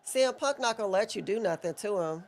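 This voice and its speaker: A woman's voice: mid-range voice, expressive, quick pace, darkish tone. A woman co-hosting a wrestling watch-along, giving live reaction commentary with playful, laughing banter.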